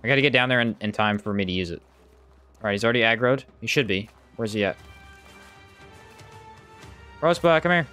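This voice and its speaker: A man with a fast, bright, forceful, smooth voice livestreams a game, bantering with viewers, reading out chat, and reacting to the action. His pitch jumps up when something surprises him, and there's faint music behind.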